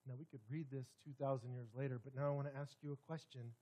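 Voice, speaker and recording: A man preaching a sermon in a church sanctuary, swinging dramatically between loud, forceful passages and hushed ones. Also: medium pitch, fairly even intonation, fast talker. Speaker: pastor.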